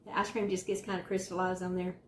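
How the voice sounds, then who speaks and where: A woman's voice: lowish voice, level tone, quick pace, echoey room, slight background noise. A woman with a Southern US accent hosting a casual home cooking show, chatting in a folksy, encouraging way from her kitchen. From Southern United States. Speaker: cooking channel host.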